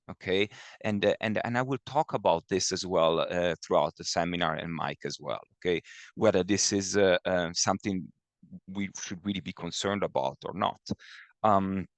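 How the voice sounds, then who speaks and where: Gravelly low-voiced man giving a lecture. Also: a bit bright, dry recording. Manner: halting, many fillers, ends points with a checking "okay?". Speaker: academic presenter. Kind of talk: webinar lecture. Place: home or office, speaking from afar over the web. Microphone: video call computer mic.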